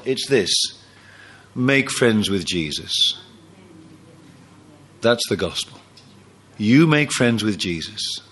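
Animated male preacher, lively pitch. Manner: animated, emphatic preaching with quoted dialogue. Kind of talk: sermon.

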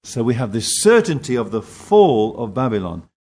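Here a man gives a sermon in a Singaporean church. He takes his time, stresses his words, and lets his pitch swing vividly.

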